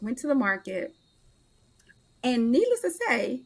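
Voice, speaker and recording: A middle-aged woman, a podcast guest, telling a personal story in an animated way and acting out the dialogue of the people in it. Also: fairly high pitch. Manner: animated storyteller who acts out others' dialogue in quick back-and-forth. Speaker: podcast guest, author and life transitions coach.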